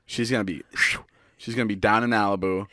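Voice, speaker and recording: Young man, podcast co-host, rapid rambling storyteller, swears a lot, dry close sound. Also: lowish voice, fairly even intonation, fairly bright tone, no echo. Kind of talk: casual chat.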